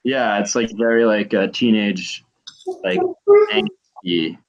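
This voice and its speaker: A man's voice: fairly low pitch, slow pace. Rambling young man on a lo-fi stream. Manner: rambling, retells scenes with lots of fillers. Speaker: stream host. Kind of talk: casual chat on a livestream. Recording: dull lo-fi stream audio.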